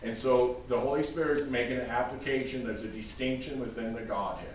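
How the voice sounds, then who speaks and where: A man's voice: medium pitch, fairly even intonation, brisk. A man preaching a sermon, speaking emphatically and addressing his congregation directly by name. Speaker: pastor. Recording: very echoey room, distant mic, faint noise.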